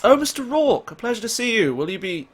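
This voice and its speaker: A man voicing a possessed, sweetly sinister man in a high coaxing voice with an eerie echo. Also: big pitch swings, quick pace, fairly bright tone, slightly rough, exaggerated voice. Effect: eerie feminine echo.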